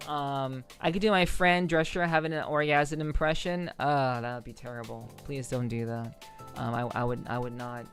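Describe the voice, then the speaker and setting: A woman's voice: rumbling low, fairly even intonation, normal speed, soft background music. A woman streamer from the New York City area chatting casually with her viewers, rambling and swearing, with lots of ums and bursts of laughter. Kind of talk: casual livestream chat with viewers.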